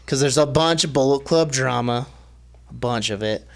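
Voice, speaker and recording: A man's voice: medium pitch, normal speed, vocal fry. Rambling young man on a podcast. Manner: relaxed, rambling with many fillers. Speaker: podcast co-host. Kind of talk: casual chat.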